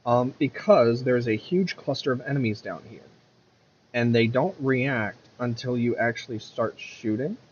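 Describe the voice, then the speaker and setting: A man's voice: mid-range voice, unhurried, dull audio, slight background noise. Rambling man commentating his gameplay. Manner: rambling, self-correcting, mutters at the game. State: has the hiccups.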